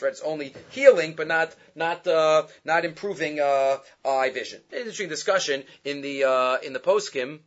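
A man teaching a Talmud lesson, reading the text aloud and translating it in quick, lively explanations with frequent rhetorical questions. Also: fairly high pitch, dull audio.

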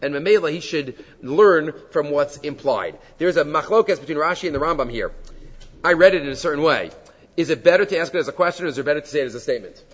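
A man giving a Talmud class lecture, explaining sources in an animated way with Hebrew and Aramaic terms and frequent fillers. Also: on the high side, quick pace. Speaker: Talmud teacher. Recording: dull audio in a reverberant hall.

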